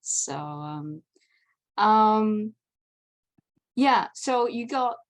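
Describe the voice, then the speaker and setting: Speaking very slowly in an animated, medium-pitched voice, a woman whose first language isn't English presents a chatty convention panel talk on writing. Her speech includes many fillers and restarts.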